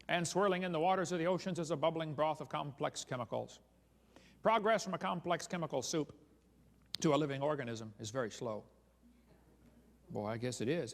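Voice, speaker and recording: A man's voice: a little high, gravelly, long reverb tail. A man giving a humorous seminar talk as a creationist speaker, sarcastic and chuckling at his own jokes.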